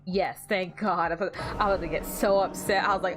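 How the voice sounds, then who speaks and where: A woman's voice: on the low side, fairly even intonation, brisk, over music. A woman streaming a game with wry, joking commentary. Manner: wry, joking, sings silly bits. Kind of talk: casual gameplay commentary.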